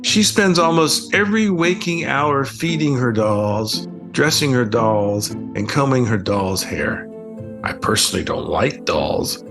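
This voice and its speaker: An older man, an author, reading his children's book aloud in a playful, expressive way. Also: a little high, creaky. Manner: playful, expressive first-person child narration. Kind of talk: storybook reading.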